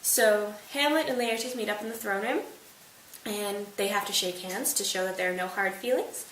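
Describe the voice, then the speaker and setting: A woman's voice: medium pitch, moderate pace, fairly bright tone, far from the mic. A woman casually retelling a play in a chatty, wry, slangy manner. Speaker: student summarizing a play. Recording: roomy, off-mic, faint hiss.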